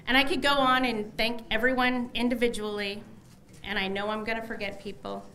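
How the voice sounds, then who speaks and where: Bright, emotional woman giving a victory speech. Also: on the high side, level tone, a little fast, slight background noise. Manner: emotional, effusive and grateful, lists many thanks. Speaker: newly elected candidate. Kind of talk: election night victory speech. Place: campaign headquarters party.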